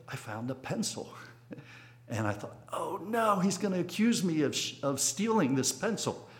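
A man in his sixties delivers a sermon in a reflective, storytelling voice. He draws on a memory from childhood, and his voice leaps up on key phrases before it falls back to a hushed tone. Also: lowish voice. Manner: reflective, storytelling with dynamic emphasis. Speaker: preacher.

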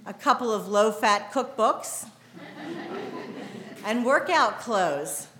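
A middle-aged woman with an American accent delivers a sermon as a pastor, unhurried and deliberate. Her voice sits a little high for a woman, and the recording carries the roomy echo of a church. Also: fairly bright tone. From United States. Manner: measured, deliberate preaching delivery.

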